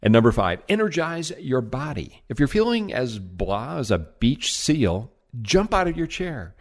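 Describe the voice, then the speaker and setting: Lively, animated male sales trainer. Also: a little slow. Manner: energetic, emphatic, varies pitch widely. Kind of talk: motivational sales training talk.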